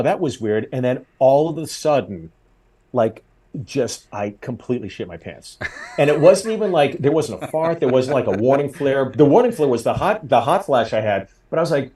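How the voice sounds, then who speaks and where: A comedian in his forties telling a story in casual chat, getting loud and high when he acts out quotes. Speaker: comedian guest.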